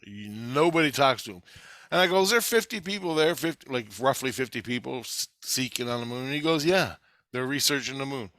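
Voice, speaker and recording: Rambling, swearing man with a bright voice. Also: medium pitch, lively intonation, brisk, no echo, clean studio sound. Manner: rambling, profane storytelling with quoted asides. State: half awake. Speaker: video maker. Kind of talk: casual chat.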